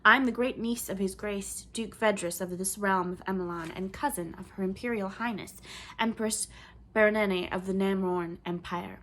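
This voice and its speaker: A woman's voice: mid-range voice, steady tone, normal speed, fairly bright tone, lightly acted. A woman voicing a bold, cheerful noble young girl who speaks firmly and proudly, in a storybook reading. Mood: haughty. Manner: firm, proud, playful.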